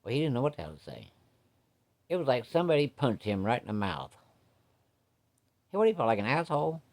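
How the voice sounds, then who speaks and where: A man's voice: medium pitch, sing-song, fairly quick, a little mellow. Folksy cussing male storyteller. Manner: folksy, cussing, addresses listeners. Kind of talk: casual spoken storytelling.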